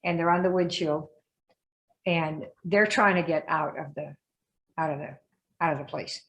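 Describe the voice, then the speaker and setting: A woman coaching a group in a lively live session, often asking her listeners questions and acting out the voices she quotes. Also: low-pitched, unhurried, muffled recording. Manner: emphatic, asks the audience questions, acts out quoted voices. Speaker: business coach.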